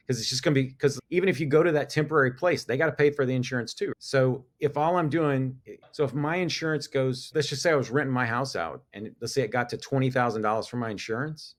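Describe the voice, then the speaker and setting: A middle-aged man, a business owner talking as a guest in a casual podcast chat, chatty and quick to laugh, often restarting his sentences. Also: mid-range voice. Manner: talkative, restarts, laughs easily.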